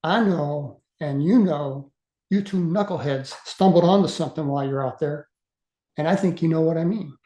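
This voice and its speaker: A sly, menacing Air Force major leans in with pressing questions, as a man in his sixties quotes him. The voice is mellow and dark. It sits in a roomy echo. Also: on the high side, normal speed, natural voice.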